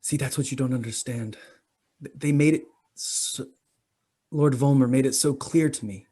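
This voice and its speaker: A man's voice: mid-range voice, steady tone, normal speed, mellow, slightly rough, lightly acted. A man voicing a zealous young noblewoman. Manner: pleading, rising to fervent conviction. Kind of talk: tabletop role-play acting.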